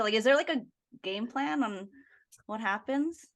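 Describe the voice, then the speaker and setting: A woman hosting an interview, asking relaxed questions between short encouraging replies. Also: fairly high pitch, a little slow, long pauses. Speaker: podcast host. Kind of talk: casual interview.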